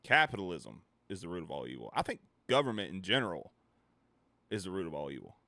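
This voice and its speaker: A man with a fairly low voice but a bright, forceful edge rants at his stream audience. He talks in a casual, animated way, swearing freely and breaking into laughs between his points. His voice sits close and dry on the mic, with no room around it. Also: quick pace, gravelly, no echo. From United States. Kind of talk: casual ranting chat.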